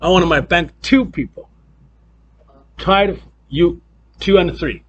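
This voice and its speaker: High-voiced man teaching piano class. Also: slow pace, lo-fi sound, a little hiss or hum. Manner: chants rhythms aloud, loose restarting speech. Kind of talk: classroom piano lesson, counting and vocalizing beats.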